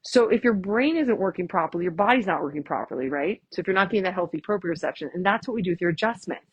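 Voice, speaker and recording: A woman chiropractor, giving a lively, chatty workshop talk and often asking "right?". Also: lowish voice, fast, slightly rough, no room sound, muffled recording. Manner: chatty, tags lines with "right?", acts out quotes. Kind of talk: casual, enthusiastic presentation.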